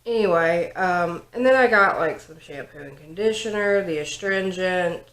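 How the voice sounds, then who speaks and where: A woman's voice: fairly low pitch, moderate pace, a bit bright. Chatty young woman, echoey room. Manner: chatty storytelling with lots of likes and ums. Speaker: vlogger, 911 operator. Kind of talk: casual get-ready-with-me chat. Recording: roomy home recording.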